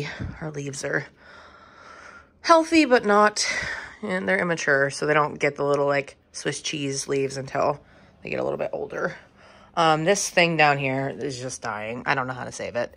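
A woman's voice: low-pitched, gravelly, a bit bright. A woman in her thirties giving a casual, chatty tour of her room, swearing freely and saying um a lot. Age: 30s. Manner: chatty and offhand, swearing, many ums.

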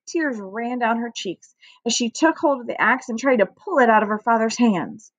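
A woman teacher reading a children's book aloud to her class in a clear, measured way. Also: a little high, no echo, low-quality recording.

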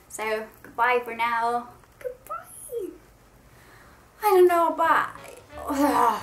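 A woman YouTuber chatting to camera in a casual vlog, rambling and poking fun at herself. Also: sits high. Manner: rambling, chatty and self-deprecating.

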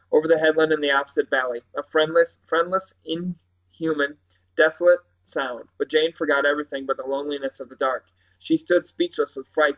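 A man reading a children's novel aloud in a steady manner, with occasional slips and restarts. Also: a little high, poor audio. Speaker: reader.

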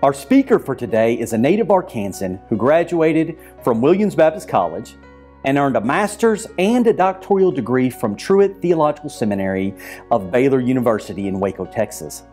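Lively, mellow-voiced speaker introduction. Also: medium pitch, moderate pace, soft background music. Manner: polite, formal announcing. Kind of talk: formal introduction.

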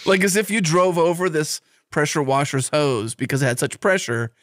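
A man co-hosting a podcast, telling stories in an animated way and laughing often. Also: a little high, moderate pace, background noise. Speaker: podcast host. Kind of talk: casual storytelling chat.

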